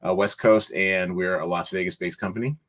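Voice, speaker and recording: A man's voice: low-pitched, steady tone, brisk, fairly bright tone. A man, a company founder, answering interview questions over a video call in a chatty way, laughing often. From Seattle, United States. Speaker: company founder and CEO, guest.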